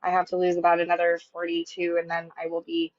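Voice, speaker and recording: A woman calling in to a livestream, chatting casually in a calm, steady, matter-of-fact way. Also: on the low side, fast, dry recording. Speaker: caller on a livestream. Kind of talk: casual chat. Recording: dull, dry call-in audio.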